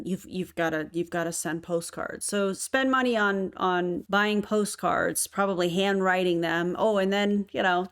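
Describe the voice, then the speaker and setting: A woman, hosting a reaction commentary and talking in an incredulous, critical, sarcastic way. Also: on the low side. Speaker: commentary host.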